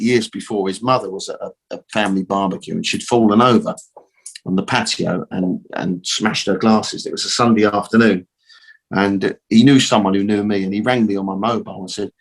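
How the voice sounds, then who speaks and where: A man's voice: lowish voice, creaky, slightly rough. A middle-aged man, a guest telling a long personal story in a casual, rambling way with mild swearing. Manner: rambling, repeats words, swears mildly. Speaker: guest, optical shop owner.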